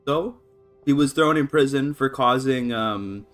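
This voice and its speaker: With faint music behind him, a man in an unhurried, medium-pitched voice casually talks through a strategy game on a live stream. He works things out aloud with many fillers and restarts, often laughing, and rises sharply in pitch when excited.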